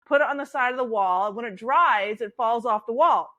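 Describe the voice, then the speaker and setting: A middle-aged woman, a podcast guest and author, telling a travel story with lively acted-out quotes and laughter. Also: a little high, fairly quick, highs cut off. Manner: animated, laughing, acts out quotes. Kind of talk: storytelling in conversation.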